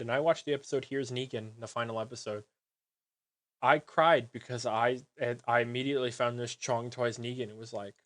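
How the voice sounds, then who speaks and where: A man reviewing collectible figures in a sarcastic vlog, gushing with fake sentimentality and breaking off into halting, trailing sentences. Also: mid-range voice, steady tone, fairly bright tone.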